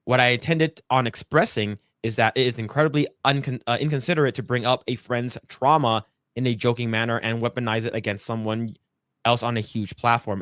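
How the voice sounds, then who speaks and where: A man hosting a podcast, talking in an animated, rambling way with many fillers. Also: medium pitch, no echo, clean studio sound. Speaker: podcast host. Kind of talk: casual commentary.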